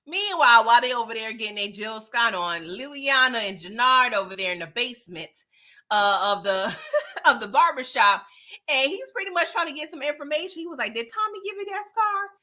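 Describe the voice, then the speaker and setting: A woman casually recapping a TV episode on her vlog, animated and playful, often laughing. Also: fairly high pitch, a little fast. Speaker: YouTuber recapping a TV show.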